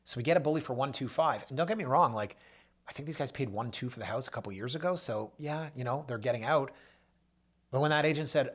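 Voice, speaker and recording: A man's voice: fast, fairly bright tone. A man hosting a real estate show, telling client stories in a casual monologue and acting out the people he quotes. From Canada. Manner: storytelling, acts out quoted voices with big pitch jumps. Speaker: realtor and show host.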